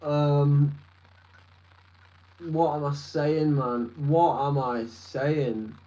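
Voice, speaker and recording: A man's voice: a little high, steady tone, drawn-out words, mellow, highs cut off. A man in his twenties from northern England with a Lancashire accent, rambling and swearing as he answers a live chat. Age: 20s. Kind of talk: casual live stream chat. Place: his room at a desk.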